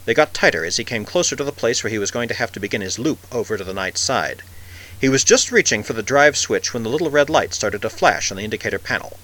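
A man narrating a science-fiction story in a measured, expressive reading. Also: mid-range voice, rough recording. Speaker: audiobook narrator.

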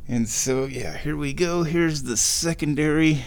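A man's voice: a little high, unhurried, gravelly, few pauses. A man casually narrating a home vlog from his kitchen, rambling and self-amused, often chuckling as he talks. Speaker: vlogger.

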